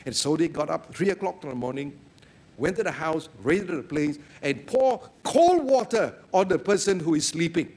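Lively high-voiced male preacher. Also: moderate pace. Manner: lively storytelling delivery with sudden loud exclamations. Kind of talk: sermon.

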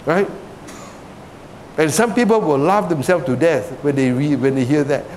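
A man's voice: moderate pace, long pauses, a little mellow. A man preaching in a conversational way, often asking "right?" and telling jokes, in a large hall. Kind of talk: sermon. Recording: reverberant hall with faint rumble.

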